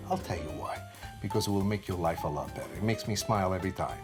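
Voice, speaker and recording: A man in his sixties with an Italian accent, hosting a cooking demonstration in a lively, chatty, playful way with rhetorical questions. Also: deep voice, quick pace. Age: 60s. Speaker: cooking show host. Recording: background music.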